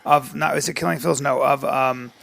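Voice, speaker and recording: Gravelly, joking male podcast guest. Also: medium pitch, fairly even intonation, normal speed, fairly bright tone. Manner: jokey, slips into bits and voices. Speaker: comedian guest. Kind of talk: casual podcast conversation.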